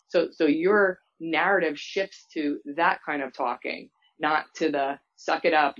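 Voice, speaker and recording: A woman guest and co-author explaining parenting ideas in a measured way on a podcast. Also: sits low, steady tone, fairly bright tone, muffled recording. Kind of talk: podcast discussion.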